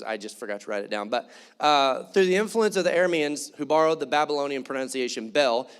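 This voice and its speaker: A man preaching in church, conversational and joking, acting out quoted voices. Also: on the high side. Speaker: pastor. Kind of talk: sermon.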